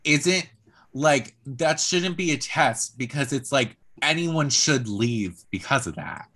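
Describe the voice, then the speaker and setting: Casual, animated podcast co-host. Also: medium pitch, takes it slowly. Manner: animated storyteller, acts out quotes, many "like" fillers. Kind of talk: casual reality-TV recap chat.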